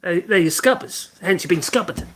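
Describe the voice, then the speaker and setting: A man's voice: high-pitched, animated, normal speed, fairly bright tone, a little hiss or hum. A man hosting a casual woodworking livestream, rambling and humming to himself as he works. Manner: rambling, hums to himself while working. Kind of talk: casual livestream chat while working.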